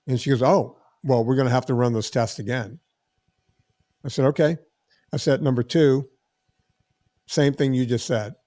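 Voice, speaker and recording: Animated man telling a story. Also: mid-range voice, dry recording, clean studio sound. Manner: animated, acts out quoted dialogue. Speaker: podcast host. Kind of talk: casual storytelling.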